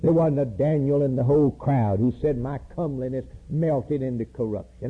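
A man preaching a fiery sermon, pleading with his listeners and rising to loud emphatic peaks. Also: medium pitch, moderate pace, hardly any pauses, breathy edge. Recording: tinny phone-like old sermon tape.

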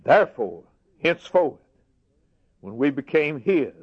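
A man preaching a sermon in earnest, plain folksy words, dropping to a hush and then rising for emphasis. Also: fairly high pitch, big pitch swings, measured pace, husky. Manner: earnest, swings from soft and hushed to raised emphasis. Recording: dull lo-fi sermon recording.

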